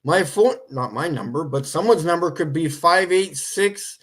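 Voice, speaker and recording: A man's voice: a little high, animated, moderate pace, fairly bright tone, slightly rough. A man hosting a casual livestream, rambling and joking, laughing at his own points. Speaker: livestream host.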